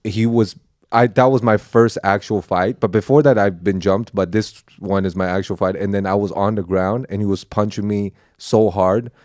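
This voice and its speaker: A man, a guest comedian from outside America, telling stories in a halting way with frequent restarts. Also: fairly low pitch, fairly even intonation, a little mellow, no echo, clean studio sound. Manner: halting, starts and restarts sentences. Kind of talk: casual podcast storytelling.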